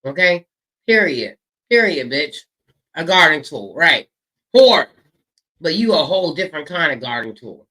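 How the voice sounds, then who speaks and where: A man's voice: a little high, expressive, moderate pace, pushed and bright, low-quality recording. Profane taunting male drama host. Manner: profane taunting, stretching words for emphasis. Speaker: show host. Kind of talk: heated drama commentary.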